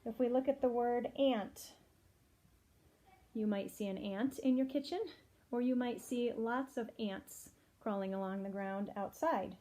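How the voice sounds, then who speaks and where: A woman's voice: on the high side, dark tone. A woman teacher giving a patient phonics lesson to young children, asking them questions as she goes. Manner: slow, patient, clearly spelled-out teaching with questions to kids.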